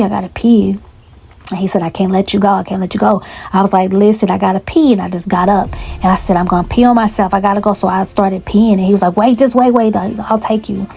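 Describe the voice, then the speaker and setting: A woman telling a personal story in a casual, animated way, acting out the dialogue and swearing freely. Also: medium pitch, creaky, breathy edge.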